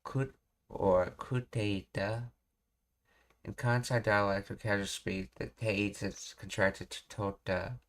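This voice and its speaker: Guy streaming while studying, low-ish voice, super slow, stops and starts a lot, keys clacking. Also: steady tone. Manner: slow, halting, pausing to read and puzzle things out. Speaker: language learning streamer. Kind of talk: thinking aloud while studying Japanese grammar.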